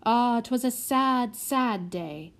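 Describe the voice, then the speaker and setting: A woman's voice: fairly high pitch, animated, slow pace. Woman playing a teary old butler. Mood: fond. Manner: old-fashioned phrasing, teary. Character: old male butler, sentimental and long-winded.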